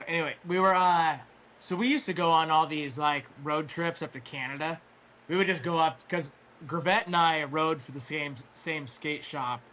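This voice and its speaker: A man telling a long story in casual chat, rambling with fillers and restarts, clearing his throat as his voice wears out. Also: fairly high pitch, fairly even intonation, moderate pace, pushed and bright, a little hiss or hum. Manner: rambling, full of fillers and restarts, swears freely. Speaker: guest storyteller.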